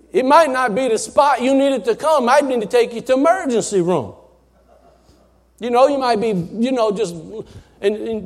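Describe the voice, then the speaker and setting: High-voiced man preaching a sermon. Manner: emphatic, swinging between loud bursts and soft asides; folksy, conversational preaching with rhetorical questions. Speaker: pastor. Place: church before a congregation.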